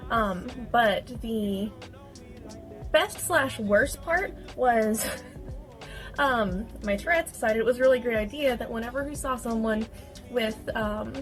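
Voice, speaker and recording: A young woman chatting casually in a vlog, bubbly and animated, with sudden loud outbursts. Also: fairly high pitch. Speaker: social media creator.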